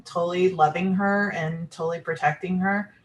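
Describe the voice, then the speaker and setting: A woman's voice: fairly low pitch, fairly even intonation, moderate pace, echoey room. A woman talking casually about spiritual experiences, rambling with many fillers and restarts.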